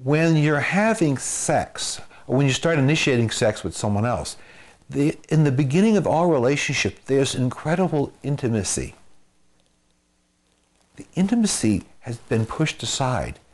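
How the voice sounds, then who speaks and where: A man's voice: medium pitch, big pitch swings, normal speed. A man who works as a marriage and family therapist, giving earnest advice to the camera, repeating phrases for emphasis and using everyday comparisons. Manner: gives homespun comparisons.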